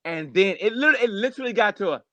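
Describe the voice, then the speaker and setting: A man, a guest comedian, chatting casually on a podcast with high, animated energy, telling stories. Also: fast talker, dry recording.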